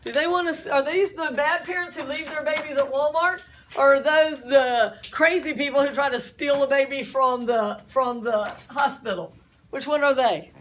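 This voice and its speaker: A high-voiced woman teaches a class in a chatty, storytelling way. She keeps turning to the students with questions. She sounds middle-aged. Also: moderate pace, slight background noise. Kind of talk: classroom lecture with stories.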